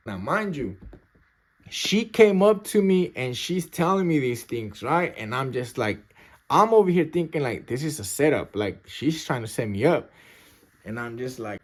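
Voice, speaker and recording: Casual male storyteller, ex-inmate, profane, slangy, constant verbal fillers, mid-pitched voice. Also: lively intonation, measured pace. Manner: loose, slangy, peppered with "like" and "right?". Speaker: former prisoner telling his story.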